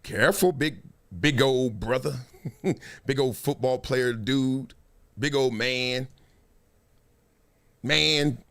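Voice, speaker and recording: A male host telling a story on a live stream, animated and slangy, laughing often. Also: mid-range voice, slow pace, vocal fry, pauses often.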